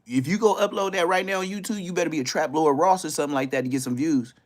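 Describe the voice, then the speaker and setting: This is a Los Angeles man in his fifties with an LA accent who roasts folks on his YouTube live stream. His street talk is loud and taunting, full of laughs and shrill spikes, and he talks fast.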